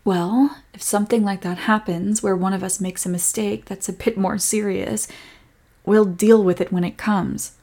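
Breathy young woman, whispered role-play, soft protective girlfriend tone. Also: medium pitch, fairly even intonation, moderate pace.

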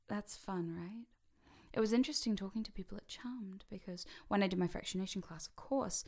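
A woman guiding a hypnosis session, dropping to slow whispers to sink the listener and lifting her voice to wake them, counting slowly. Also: mid-range voice. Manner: switches between sinking whispers and bright rising calls.

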